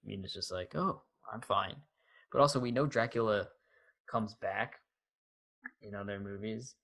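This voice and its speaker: A man with a somewhat low voice talks casually with his co-host, often breaking into laughter. He retells movie scenes with playful energy. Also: normal speed, a bit bright. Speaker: podcast co-host. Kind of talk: casual chat.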